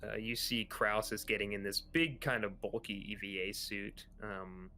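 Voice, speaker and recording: Gravelly low-voiced game master. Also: male voice, normal speed. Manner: relaxed, many "um"s. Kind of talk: narrating a tabletop game.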